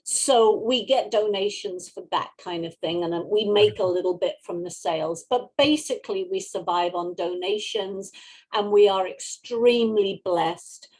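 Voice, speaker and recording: A woman's voice: mid-range voice, normal speed, darkish tone, low-quality recording. A woman who runs a small-animal rescue, speaking earnestly and gratefully in a casual interview. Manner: earnest, grateful, laughs easily.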